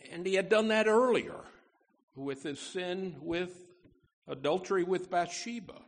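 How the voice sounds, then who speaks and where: A man's voice: high-pitched, unhurried. A man preaching a conversational sermon in a folksy way, full of asides and stressing key words. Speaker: pastor.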